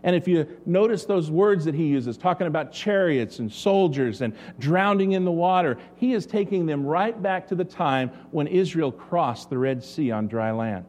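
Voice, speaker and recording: A man's voice: a little high, animated, normal speed, few pauses, darkish tone. A man preaching a sermon as pastor, asking the congregation rhetorical questions.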